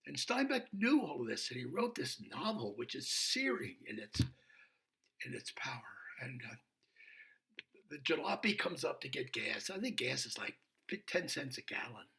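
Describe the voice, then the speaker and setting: An older man, a priest, retelling a story in a video reflection, animated and dropping to a hushed whisper for emphasis. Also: mid-range voice. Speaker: Episcopal priest.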